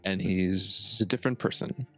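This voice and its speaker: A man's voice: low voice, moderate pace, sharp tone, faint music behind. A man narrating a tabletop game as game master, describing scenes loosely with fillers.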